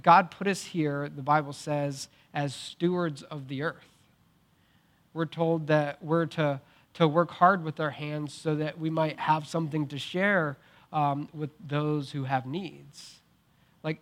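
A young adult man preaching a sermon, telling the story in a casual, animated way with filler words and acted-out quotes. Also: a little high. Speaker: pastor.

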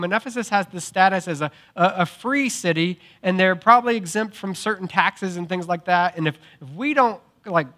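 A young adult man preaching a sermon, telling the story in a casual, animated way with filler words and acted-out quotes. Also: high-pitched. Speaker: pastor.

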